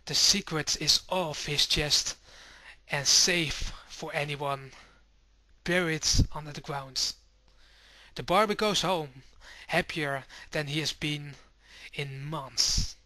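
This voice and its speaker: Slow, bright-voiced male storyteller. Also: on the high side, no echo. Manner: slow, expressive, puts on villagers' voices. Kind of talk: storytelling to children.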